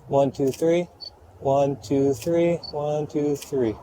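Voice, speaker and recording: A man's voice: on the high side, steady tone, slow pace, mellow, a little hiss or hum, poor audio. A man photographing a model outdoors, out of breath, counting off shots and giving short directions. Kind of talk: on-location shoot commentary. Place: outdoors by a street.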